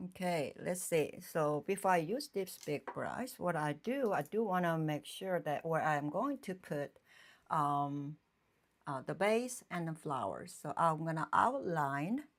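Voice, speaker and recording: A woman painter chatting casually on a live stream from her home painting room, thinking aloud in halting phrases and often checking in with her viewers. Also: low voice, animated. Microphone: phone streaming live.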